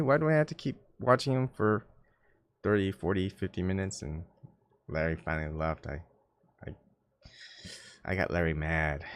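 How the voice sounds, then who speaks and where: A man hosting his own channel, chatting casually to his live-stream viewers in a rambling, self-mocking way with lots of fillers and restarts. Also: mid-range voice. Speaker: YouTube channel host.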